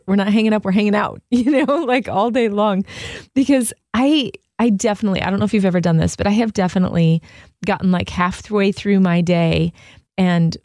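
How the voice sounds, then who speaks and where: A woman's voice: lowish voice, mellow, no room sound, studio quality. A woman co-hosting a casual devotional chat, speaking earnestly and from the heart, with many "like" fillers. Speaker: co-host.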